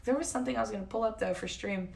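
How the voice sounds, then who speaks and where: A woman's voice: mid-range voice, very fast, vocal fry, darkish tone, a little hiss or hum. A woman in her twenties chatting casually on a live stream, answering chat and swearing now and then. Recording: voice somewhat distant from the mic.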